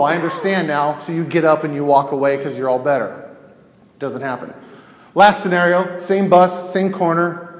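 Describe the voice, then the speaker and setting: A male counselor teaching in a conversational way, telling scenarios and asking rhetorical questions. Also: a little high. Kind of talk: teaching podcast talk. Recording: echoey room with long reverb.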